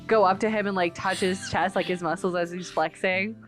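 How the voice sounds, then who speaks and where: A woman's voice: lowish voice, fairly even intonation, brisk. A woman playing a tabletop game, giggly and laid-back as she describes her character. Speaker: player. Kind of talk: casual tabletop play. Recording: faint fantasy music behind.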